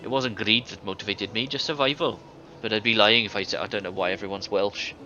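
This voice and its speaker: A man's voice: fairly low pitch, steady tone, fairly quick, pushed and bright, faint music behind. A man voicing a middle-aged former thief in a video game, telling tales with hearty, boastful relish. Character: older male ex-thief, boisterous tavern storyteller. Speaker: game character. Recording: dull game audio with faint hiss.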